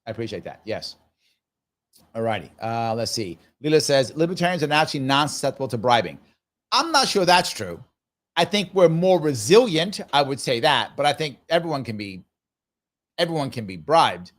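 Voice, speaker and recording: A man's voice: medium pitch, very animated, moderate pace, fairly bright tone. A man in his fifties hosting a live stream, reading viewer comments aloud and answering them in a casual, musing way, often repeating his phrases. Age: 50s. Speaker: show host.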